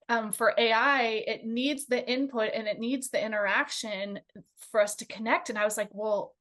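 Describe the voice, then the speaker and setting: A woman co-hosting a conversational panel, talking in an animated, chatty way with fillers and light giggles. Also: fairly high pitch.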